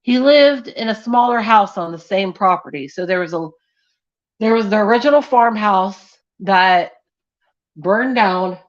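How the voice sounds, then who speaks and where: A woman tells a true crime case on her live stream at an unhurried, drawn-out pace, casual and a little sweary. Her voice sounds dull and lo-fi through the stream audio. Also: mid-range voice. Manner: loose, sweary and distracted, scolding a cat mid-story.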